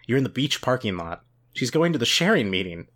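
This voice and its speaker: Lively man narrating a book aloud. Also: medium pitch. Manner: expressive narration, quick to laugh. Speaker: podcast co-host reading a book aloud. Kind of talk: dramatic read-aloud with banter.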